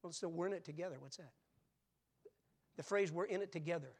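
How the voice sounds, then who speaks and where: A man in his seventies preaching a sermon, moving from quiet, conversational asides to loud, emphatic calls. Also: a little high, brisk. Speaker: pastor.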